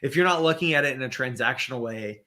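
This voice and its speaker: A man's voice: mid-range voice, fast talker, pushed and bright. A man as a podcast guest in casual conversation, thinking aloud with many fillers and restarts, over a video call.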